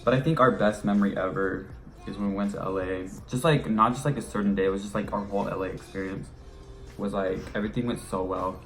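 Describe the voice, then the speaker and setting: A man's voice: on the low side, fairly even intonation, quick pace, soft background music. A teenage man vlogging, telling a story in a casual chat and acting out his own past lines with lots of energy. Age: teens.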